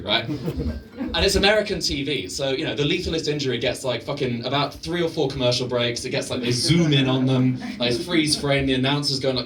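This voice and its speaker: A man's voice: mid-range voice, a little fast, hardly any pauses, distant mic, a crowd in the background. A man doing a stand-up set on stage, rambling, swearing and laughing at his own jokes. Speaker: stand-up comedian. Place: live venue stage.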